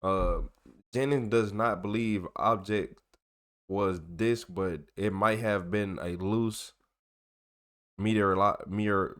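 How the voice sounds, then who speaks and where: A man hosting a channel, reading old documents aloud in a casual way, tripping over long words and breaking off for joking slang asides. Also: lowish voice. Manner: stumbles over long words and corrects himself. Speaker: channel host.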